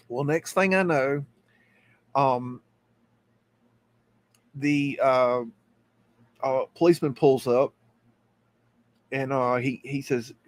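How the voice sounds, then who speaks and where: A middle-aged man hosting a live stream, telling a personal story in a halting, earnest way. He restarts and repeats words as he goes, and points things out on a map. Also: mid-range voice, darkish tone. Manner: tells the story while pointing at a map on screen. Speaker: host.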